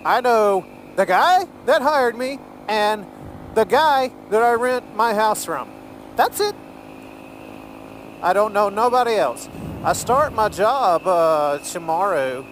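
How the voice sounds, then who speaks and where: Guy, rambling car vlog, jokey, slightly higher voice, faint road noise. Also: animated, slow, fairly bright tone. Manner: chatty, rambling, jokey, laughs easily. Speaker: vlogger. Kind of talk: casual rambling vlog while driving. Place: in a car, driving.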